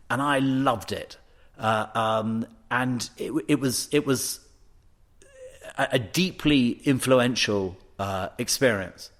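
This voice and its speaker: A man's voice: medium pitch, a bit bright. A man in his fifties telling a long story in an interview, hesitant, with frequent fillers and restarts. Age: 50s. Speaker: distillery CEO, podcast guest.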